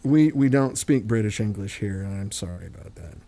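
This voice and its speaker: A man's voice: lowish voice, animated, brisk, gravelly, warm tone. A man from Missouri with an American accent, a chatty host who tells stories and acts out other people's voices. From Missouri, United States. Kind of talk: casual chat.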